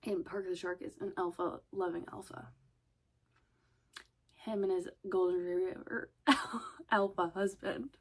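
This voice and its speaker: A woman's voice: on the low side, steady tone, measured pace, long pauses. A woman rambling casually in a vlog, chatty and swearing, often breaking into laughter. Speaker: vlogger.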